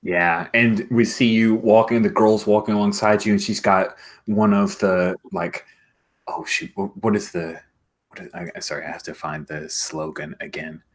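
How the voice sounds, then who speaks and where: Low, husky-voiced male game master. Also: moderate pace. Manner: rambling, animated. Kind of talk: narrating a tabletop game.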